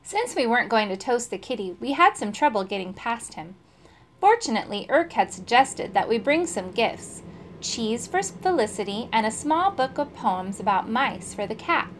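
A woman reading a children's chapter book aloud. Her voice sits fairly high and moves a lot, and she tells the story in a lively, expressive way. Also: normal speed, a little hiss or hum. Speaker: storybook reader.

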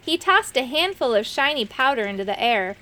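A woman reading a children's chapter book aloud with expressive, dramatic delivery. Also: sits high, fairly quick. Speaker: narrator.

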